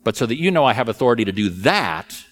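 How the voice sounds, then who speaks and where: A man voicing a calm, authoritative male teacher who speaks in a commanding, measured way. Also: medium pitch, long reverb tail.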